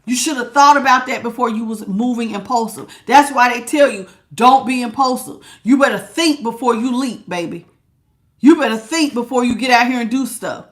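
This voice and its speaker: A woman's voice: fairly high pitch, normal speed. A woman giving a casual tarot reading, talking in a sassy, emphatic way with lots of slang. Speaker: tarot reader.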